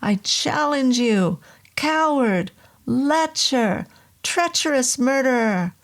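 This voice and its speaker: A woman reading a horror story voices a desperate man shouting up at a demon, yelling in a strained, high voice. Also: slow pace, natural voice. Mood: frantic shouting.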